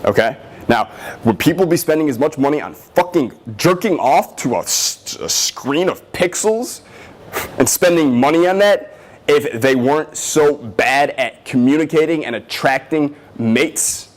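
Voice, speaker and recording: A man's voice: a little high, expressive, a little slow. A man giving dating advice as a coach, talking in a brash, cocky way, swearing often and acting out teasing lines. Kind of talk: motivational dating advice talk.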